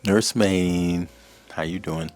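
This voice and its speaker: A man hosting his book channel, chatting casually and reading out viewer comments, relaxed and at times drifting soft and quiet. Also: deep voice, slow. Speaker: booktube host.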